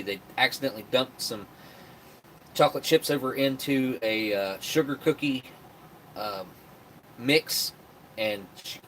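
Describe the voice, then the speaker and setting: Speaking on the low side with a touch of brightness, a man from West Virginia chats loosely on his live stream and reads viewer comments. A little hiss or hum sits under the audio.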